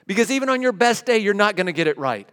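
A middle-aged pastor with a high-pitched voice preaches a sermon. He talks conversationally to his congregation, then builds into emphatic declarations. The sound carries a long reverb tail from the church hall. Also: very animated, fast, fairly bright tone. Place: church sanctuary.

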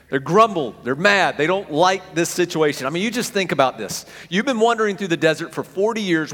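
A man preaching a sermon as pastor, animated, often repeating phrases for emphasis and acting out quotes. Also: sits high. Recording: echoey hall with long reverb.

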